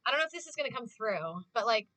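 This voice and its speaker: Young woman rambling to her stream, tons of "like", crisp bright voice. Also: fairly high pitch, sing-song, dry recording. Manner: gushing, fast, filled with "like". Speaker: livestreamer. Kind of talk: casual chat to stream viewers.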